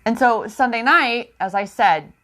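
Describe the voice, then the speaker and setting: A woman's voice: fairly high pitch, animated, measured pace, sharp tone. A woman talking in a personal vlog, emotional and confiding, using spiritual self-help language and calling her viewers goddess. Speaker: empowerment coach.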